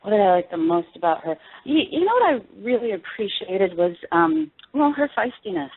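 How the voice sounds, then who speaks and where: A giggly woman in her forties chats as a guest, often pausing to hunt for the right words. Her voice is husky and mid-pitched, and it comes through a tinny phone line. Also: very animated, dry recording. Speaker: interview guest, actress. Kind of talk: casual chat.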